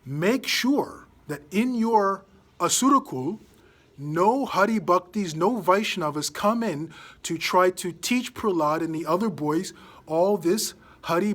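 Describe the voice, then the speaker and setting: A man voicing a furious male demon king in a storytelling class, speaking slowly and commandingly. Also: high voice, fairly bright tone, heavily acted.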